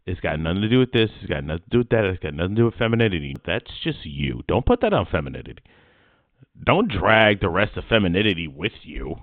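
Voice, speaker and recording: A man's voice: on the low side, sing-song, fairly quick, no room sound. A man giving casual, profane reaction commentary, often muttering and laughing in asides. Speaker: reaction streamer. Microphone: desk mic he keeps moving. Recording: tinny phone-like dry sound.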